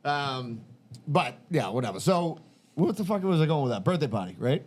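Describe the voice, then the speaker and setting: A man in his thirties with a slightly high voice hosts a casual podcast. He rambles from story to story, swears freely, and acts out each person's lines. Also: sing-song, moderate pace. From Massachusetts. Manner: profane, rambling storyteller who acts out quotes. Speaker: podcast host.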